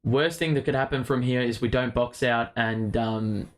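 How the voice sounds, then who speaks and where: A man's voice: medium pitch, fairly even intonation, moderate pace. A man hosting a fan watchalong, calling the game play by play, partisan and swearing freely. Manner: partisan, swears, rises to shouts on big plays. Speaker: host of a fan watchalong stream.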